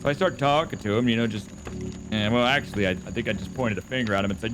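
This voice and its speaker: A man's voice: lowish voice, racing, over music. A man in a role-play game, telling a rambling story casually with many fillers and restarts.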